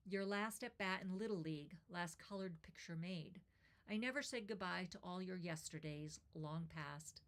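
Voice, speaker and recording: A middle-aged woman with a slightly low voice reads a heartfelt poem aloud and then talks casually. She sounds tender, and her voice catches with emotion. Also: a bit bright. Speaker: host.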